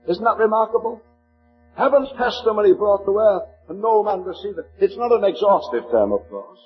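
A man from Liverpool, England, with a Liverpool accent preaches a sermon in a high, animated voice, slowing to a measured cadence when reading scripture aloud. The sound is lo-fi, with soft music in the background.

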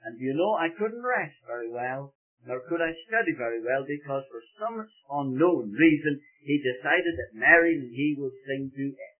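A man's voice: mid-range voice, expressive, moderate pace, breathy edge. An older man, preaching and telling a story in earnest, rising into emphatic exhortation. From Ireland. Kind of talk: sermon testimony. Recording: tinny lo-fi old recording.

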